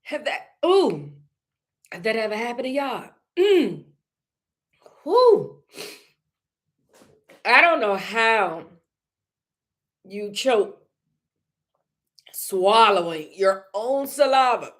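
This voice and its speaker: A woman hosting a casual live stream, talking candidly to viewers in a loose, conversational way and often clearing her throat. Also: high-pitched, big pitch swings, slow pace, pauses often, fairly bright tone.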